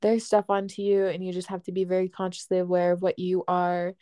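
A young woman hosting a casual podcast, talking in a gentle, reflective way with lots of "like". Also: on the low side, completely flat delivery, fairly quick, no room sound, studio quality. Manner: gentle, reflective, uses "like" often. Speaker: podcast host.

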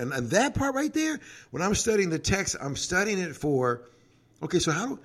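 A man who is a pastor and podcast co-host, telling stories in a casual, animated way and laughing often. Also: high-pitched, normal speed. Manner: animated, acts out quoted prayers, laughs often. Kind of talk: casual faith talk with storytelling.

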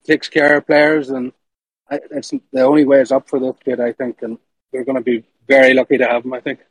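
Excited man calling in, upbeat. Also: medium pitch, brisk, husky, no echo, poor audio. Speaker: caller. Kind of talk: casual chat.

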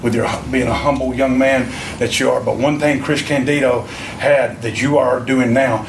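A man's voice: mid-range voice, steady tone, moderate pace. Man, veteran wrestler, emphatic rambling coach talk; heard from a distance in an echoey, noisy room. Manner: rambling, emphatic, repeats himself. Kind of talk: motivational pep talk from a promo video.

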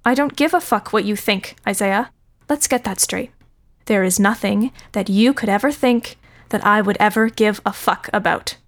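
A woman's voice: mid-range voice, moderate pace, dry recording, close to an everyday voice. An actress voicing a blunt, impatient woman in an audio drama, speaking in short, clipped lines. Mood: cold anger. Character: hard-edged young woman buyer, blunt and impatient.

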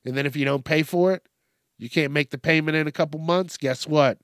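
A man's voice: a little high, brisk, a bit bright, no room sound, clean studio sound. A young man hosting a podcast, ranting casually in a blunt, heavily profane way. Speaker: podcast host. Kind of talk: casual solo rant.

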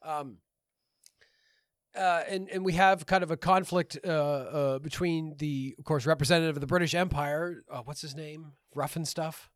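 A man's voice: fairly high pitch, fairly even intonation, moderate pace, clear, resonant tone, dry recording, clean studio sound. A man co-hosting a casual film review podcast, chatty and rambling with a self-deprecating streak. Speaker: podcast co-host.

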